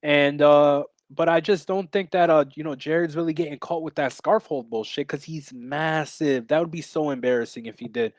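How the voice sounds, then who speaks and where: A brash man with a fairly high voice rambles through a casual podcast chat about fight bets, full of fillers and profanity. His voice is recorded close and dry, with no room sound. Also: fairly even intonation, normal speed, few pauses, dry recording. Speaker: podcast co-host and MMA bettor.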